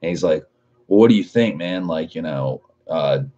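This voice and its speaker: A young man in his late twenties with a very low voice talks through a livestream, reading chat and cursing freely in a relaxed way. The audio is dull and lo-fi. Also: moderate pace. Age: 20s. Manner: laid-back, swears a lot, laughs often.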